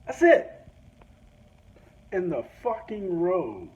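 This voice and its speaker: A high-voiced man ranting in a crude, profane storytelling style, his pitch swinging widely as he talks in an unhurried way. He is recording from a car, and the sound is dull and lo-fi with faint hiss. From rural country town. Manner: crude, animated, swears freely. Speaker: vlogger.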